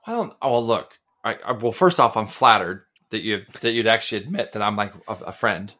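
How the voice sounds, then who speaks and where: A man co-hosting a podcast, telling stories in a rambling, excitable way and tripping over his words. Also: fairly low pitch, a little fast. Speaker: podcast co-host. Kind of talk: casual chat.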